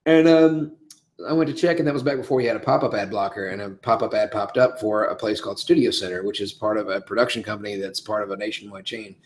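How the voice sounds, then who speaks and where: A man, a voice actor hosting a live Q&A, answering comments in a rambling, animated way. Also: fast talker. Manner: rambling, animated, big swings of pitch and loudness. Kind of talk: casual livestream chat answering comments.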